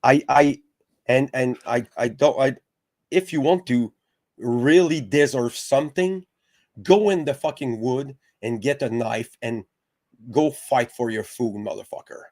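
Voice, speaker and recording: A man's voice: medium pitch, a little mellow, no room sound, studio quality. A man hosting a podcast, arguing passionately with lots of swearing and stumbling restarts. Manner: profane, passionate, halting with restarts. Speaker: podcast host. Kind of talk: heated casual discussion.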